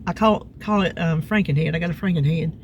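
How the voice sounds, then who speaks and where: A woman's voice: low-pitched, fast talker, highs cut off, a little hiss or hum. A middle-aged woman, telling a rambling story in a casual vlog. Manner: chatty, rambling, animated retelling. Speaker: vlogger. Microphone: phone.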